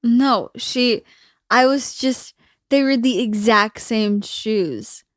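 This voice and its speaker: A woman's voice: a little high, takes it slowly, dry recording, studio quality. A fifteen-year-old girl, a podcast guest, chatting in a laid-back way with her mother and saying "literally" a lot. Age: teens. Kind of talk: casual chat with her mother.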